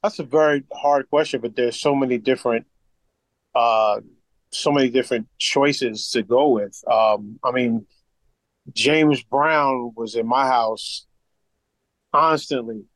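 A man who is a rapper and a podcast guest, answering a question reflectively with hesitant pauses. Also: mid-range voice, fairly bright tone, dry recording, poor audio. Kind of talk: casual interview answer.

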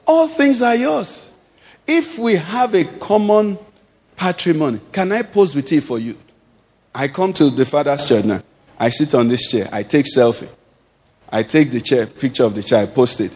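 Animated preacher in an echoing hall. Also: male voice, high voice. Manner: emphatic, call-and-response questions to the congregation. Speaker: pastor. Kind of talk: sermon. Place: church hall.

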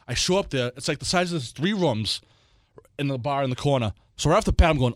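This podcast co-host talks fast in a medium-pitched voice, animatedly acting out quotes as he tells stories during a casual chat. The recording is dry and of studio quality.

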